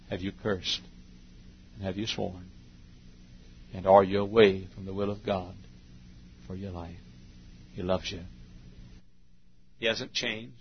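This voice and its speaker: A man preaching a revival sermon, swinging from hushed pleading to shouting, on a dull lo-fi recording. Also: fairly low pitch, a little hiss or hum.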